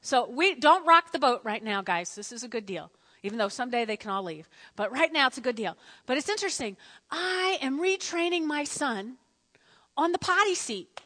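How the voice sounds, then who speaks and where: A woman preaching a sermon in a church, animated and repetitive, calling on the congregation to respond. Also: high voice, normal speed, in a large hall. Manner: animated, repeats phrases, asks the congregation to respond. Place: church sanctuary.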